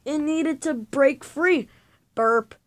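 Female reader for a children's book, slightly high voice, dramatic and expressive. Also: normal speed. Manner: expressive, dramatic storytelling with sound effects. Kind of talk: reading a children's chapter book aloud.

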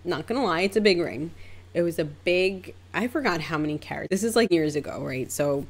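A young adult woman, a hairstylist, telling a story in a casual, chatty way, acting out both sides with big jumps in pitch. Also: expressive, fairly quick. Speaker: hairstylist and vlogger.

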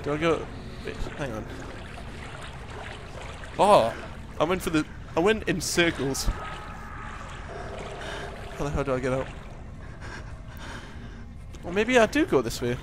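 A man commentating a horror game as he plays, muttering and swearing, then breaking into panicked shouts. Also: on the high side, sing-song, slow, long pauses, noisy background. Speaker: gaming commentator.

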